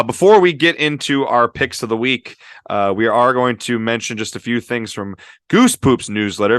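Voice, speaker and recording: A man's voice: on the low side, clean tone, no echo, clean studio sound. Upbeat man hosting a football podcast. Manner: relaxed, filler-heavy, upbeat. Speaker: podcast host. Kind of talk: casual sports podcast chat.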